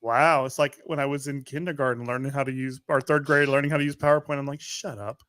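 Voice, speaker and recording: A man's voice: mid-range voice, little pitch movement, fast talker, a bit bright, dry recording. A man co-hosting a casual podcast chat, dropping wry, sarcastic quips. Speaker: podcast co-host.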